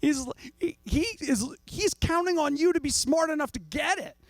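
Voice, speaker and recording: A pastor preaching in a loose, conversational way, his voice pitched high for a man. He jokes and slips into mock voices of the people he describes. The sound is close and dry, with no room around it. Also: expressive, moderate pace, no room sound. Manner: jokey, acts out voices of people and God. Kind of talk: casual conversational sermon.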